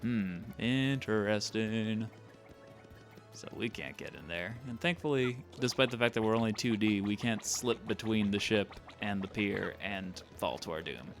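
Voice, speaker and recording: A man with a fairly low voice streams a game, speaking a bit slowly with faint music in the background. His let's-play commentary is casual, loose and jokey, self-deprecating, with occasional swearing.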